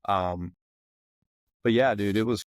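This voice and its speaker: A man in his forties from around McKeesport, Pennsylvania, a former football player, appears as a podcast guest. He speaks slowly in a lowish voice with no room sound, talking casually and rambling with plenty of "you know what I mean."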